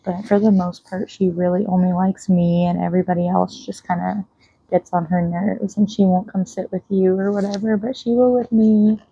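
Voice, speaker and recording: Gravelly husky young woman, rambling casually. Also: mid-range voice, level tone, normal speed, warm tone, dry recording, muffled recording. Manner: rambling and chatty, with many fillers and trailing restarts. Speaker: book vlogger. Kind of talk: casual chat while reading and painting nails. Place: at home.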